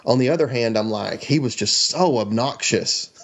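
A man co-hosting a casual podcast chat, relaxed, often saying "you know" and "like". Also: mid-range voice, normal speed, dull audio. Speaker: podcast co-host.

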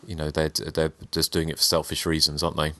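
A man's voice: rumbling low, monotone, brisk, sharp tone, no room sound. A man co-hosting a casual podcast chat, hesitant, with many fillers and restarts. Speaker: podcast co-host.

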